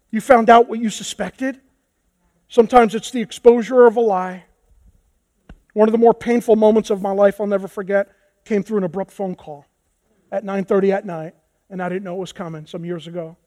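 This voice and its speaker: A man preaching a passionate sermon as pastor, moving from hushed tones to shouts. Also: extremely high pitch, no echo. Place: church hall with a congregation.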